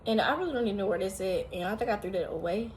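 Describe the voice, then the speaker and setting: A woman chatting casually as she cooks at home, tired and a little out of breath, talking at length with sudden loud exclamations. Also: mid-range voice, very fast, a little hiss or hum. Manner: talkative, animated, often exclaiming. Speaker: home cooking vlogger. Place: home kitchen, indoors.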